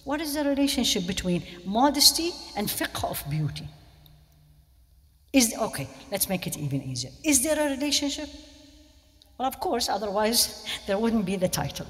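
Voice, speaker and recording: A woman's voice: a little high, sing-song, moderate pace, a bit bright. Woman lecturing in a reverberant hall. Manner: questions the audience often. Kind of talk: interactive religious lecture.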